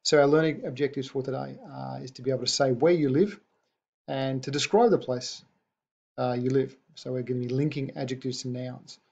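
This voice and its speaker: A male teacher gives a recorded online lesson, repeating each new word slowly and patiently. His voice is gravelly and husky. The recording sounds dull and lo-fi. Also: mid-range voice, fairly even intonation, a little mellow. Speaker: language teacher.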